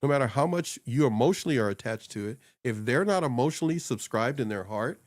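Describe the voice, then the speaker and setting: A man's voice: mid-range voice, expressive, fast, no room sound, clean studio sound. A man hosting a casual chat, coaching on social media in a loose, rambling way and laughing often.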